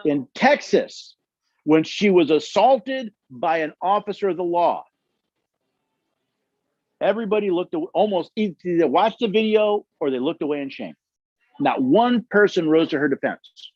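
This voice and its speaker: His high voice is expressive, a little slow and slightly mellow, captured with no room sound in a muffled recording. Leading a study session on the constitution, he tells stories with emphasis, performs the quotes, and fields audience questions.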